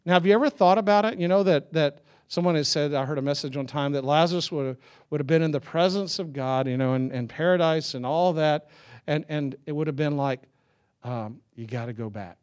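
A man's voice: a little high, brisk, a little mellow, clean tone. A middle-aged man preaching a sermon, telling stories in a loose, conversational way with chuckles and restarts. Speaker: pastor.

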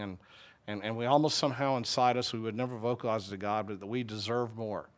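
A man's voice: fairly low pitch, fairly quick. A middle-aged man with a Southern US accent, a pastor preaching a conversational, folksy sermon and asking the congregation questions.

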